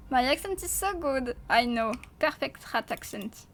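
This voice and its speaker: French lady streamer, high voice, talks slow, gets all yelpy and sweary at the game. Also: a little hiss or hum. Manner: excitable, bursts into yelps and swearing. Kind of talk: gameplay livestream commentary.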